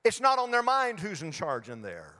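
A man's voice: high voice, wildly swooping pitch, moderate pace, sharp tone, big-room sound. An older man preaching a sermon in a folksy storytelling way, acting out little voices as he goes. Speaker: pastor.

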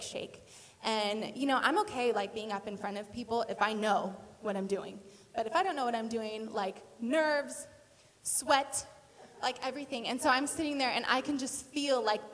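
A woman's voice: fairly high pitch, slight background noise. A woman in her thirties giving a sermon, telling a personal story in a chatty, self-deprecating way. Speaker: speaker at church. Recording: hall reverb.

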